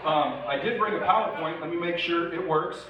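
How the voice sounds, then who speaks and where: A man's voice: fairly high pitch, fairly quick, highs cut off, heavy background noise. A man giving a casual, profane motivational keynote to a live audience, telling stories and laughing often. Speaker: keynote speaker. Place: large indoor event hall. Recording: echoey hall recorded from far off.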